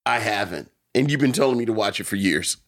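A man's voice: fairly low pitch, fast. A man co-hosting a podcast, chatting casually and joking with his co-hosts. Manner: playful, joking, lively banter. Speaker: podcast co-host. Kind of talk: casual chat.

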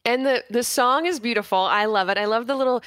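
A woman's voice: fairly high pitch, fast, a bit bright, no echo. A woman co-hosting a radio morning show, asking a guest questions in an enthusiastic, friendly way. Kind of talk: radio interview. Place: radio studio.

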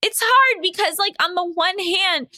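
A woman co-hosting a casual podcast chat, reacting quickly and laughing. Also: very high voice, pushed and bright, no echo. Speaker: podcast co-host.

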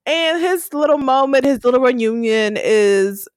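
A woman co-hosting a casual TV recap podcast, telling the story with animated energy and acting out the characters' lines. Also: sits high, unhurried, no echo. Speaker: podcast co-host.

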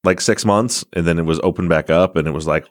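A man's voice: sits low, fast talker, dry recording, studio quality. An American man hosting a podcast interview, chatty and rambling, laughing often as he tells stories. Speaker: podcast host. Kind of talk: casual interview chat.

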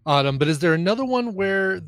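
A man co-hosting a podcast, chatting casually in a relaxed, musing way with wry asides. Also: high-pitched, fairly quick, dry recording, soft background music. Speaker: podcast co-host. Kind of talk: casual chat.

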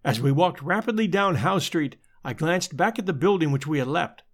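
A man reading a story aloud as a measured, dramatic narrator. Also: on the high side, expressive. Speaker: audiobook narrator. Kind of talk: scripted narration.

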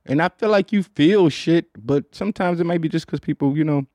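A man's voice: on the high side, brisk, darkish tone, dry recording. A man hosting a podcast, chatting in a loose, rambling, profane way with lots of fillers, recorded in a studio booth. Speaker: podcast host. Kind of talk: casual podcast chat.

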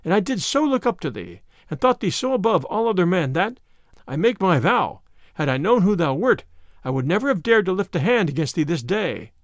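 A man voicing a strong, modest young male kinsman in a storybook reading, speaking in a quiet, earnest, polite way. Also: sits high, big pitch swings, brisk, no echo, clean studio sound.

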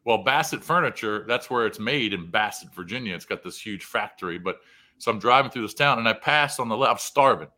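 A middle-aged man with a bright, forceful voice spins a casual road-trip tale on a talk show. He slips into the voices of the people he met as he tells it. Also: on the low side, brisk. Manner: animated, acts out quoted dialogue in the story. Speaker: co-host telling a travel story. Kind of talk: casual storytelling chat.

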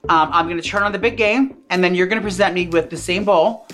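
A man's voice: high voice, fast, sharp tone, faint music behind. A man hosting a comedic cooking chat, camp, playful and profane. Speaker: host.

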